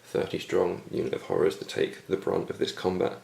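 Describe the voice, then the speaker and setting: A man recapping his turn in a tabletop wargame battle report, going hoarse as he loses his voice. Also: deep voice, a little fast. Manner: steady recap of dice results. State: losing his voice. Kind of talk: casual battle report commentary.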